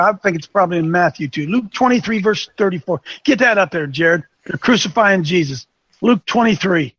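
High, gravelly preacher. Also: male voice, fairly bright tone, no echo. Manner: folksy, colloquial, emphatic, reads scripture slowly. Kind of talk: informal sermon with scripture reading.

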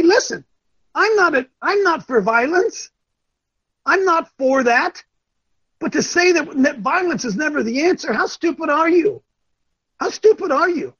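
A man's voice: very high voice, a bit bright, breathy edge, no room sound, dull audio. An older man hosting a talk show, delivering impassioned, preachy commentary and often repeating himself. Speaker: show host.

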